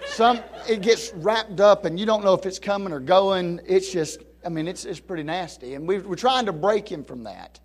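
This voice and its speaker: A middle-aged pastor preaching a sermon, swinging from soft, low passages to loud, fervent peaks. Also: male voice, normal speed, hardly any pauses, breathy edge. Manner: rising to near-shouting peaks of preaching fervor, then dropping low and soft.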